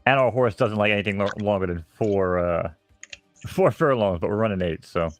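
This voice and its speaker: A man's voice: lowish voice, moderate pace, soft background music. A man with a New York accent hosting a live stream, chatting loosely and poking fun at himself. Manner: rambling, self-mocking, breaks into laughs. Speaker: stream host and horse owner. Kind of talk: casual live-stream chat.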